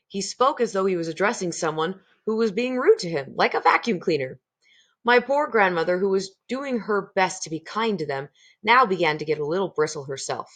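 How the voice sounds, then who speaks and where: A woman reading a children's chapter book aloud in an expressive, animated way. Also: on the low side, a little fast. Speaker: reader. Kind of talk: audiobook reading.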